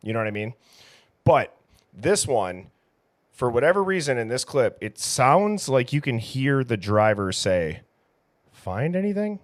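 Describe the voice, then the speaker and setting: A man's voice: medium pitch, very animated, a little slow, no room sound, studio quality. A man hosting a casual livestream, chatting easily and reading viewer names aloud. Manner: reads chat names aloud, easygoing and chatty. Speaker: livestream host.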